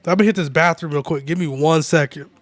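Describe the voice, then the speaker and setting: A man's voice: on the high side, quick pace. A man chatting casually on a livestream at home, laid-back and teasing with his viewers. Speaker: game streamer.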